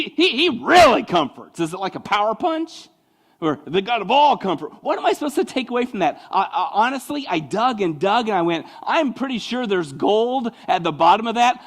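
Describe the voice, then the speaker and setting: A male pastor preaching with a lively, swooping voice that sits a bit high for a man. He talks conversationally, tosses in mocking asides, and goes quiet and slow when he lands a point. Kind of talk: sermon.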